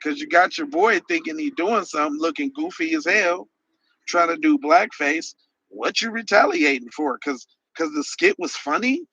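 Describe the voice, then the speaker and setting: Animated, sarcastic man ranting on a livestream. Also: fairly high pitch, normal speed, slightly rough, no echo, lo-fi sound. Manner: sarcastic, mocking, animated rants. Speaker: podcast host reading live chat. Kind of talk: heated livestream commentary.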